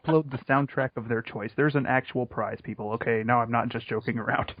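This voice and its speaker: Fast, dry-humored man in a podcast chat. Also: mid-range voice, steady tone, dry recording. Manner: dry, joking. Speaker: podcast co-host. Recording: dull, dry lo-fi audio.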